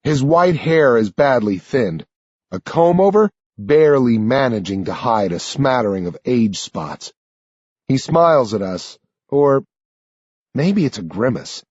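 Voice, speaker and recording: A husky male narrator reading an audiobook slowly, with a lively, rising-and-falling delivery. The sound is dull and lo-fi, and the recording is dry with no room echo. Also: mid-range voice. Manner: measured, expressive first-person reading. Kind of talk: scripted narration.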